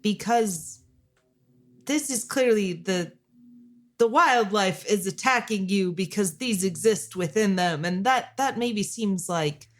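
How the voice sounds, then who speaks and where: A woman playing a tabletop role-playing game, chatty and quick to laugh. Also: medium pitch. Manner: chatty and laughing, lively asides. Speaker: player. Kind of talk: casual tabletop game chat.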